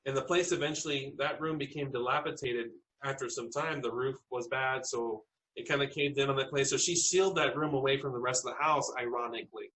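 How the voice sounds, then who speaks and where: A man from South Texas recounting eerie personal stories as a podcast guest. His voice is bright and forward, sitting in a middle pitch. He talks in an earnest, halting way, often restarting his sentences. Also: a little hiss or hum, low-quality recording. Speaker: interview guest.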